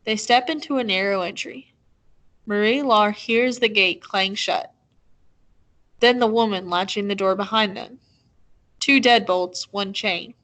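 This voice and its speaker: Woman reading a novel aloud, gently. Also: medium pitch, low-quality recording. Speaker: reader.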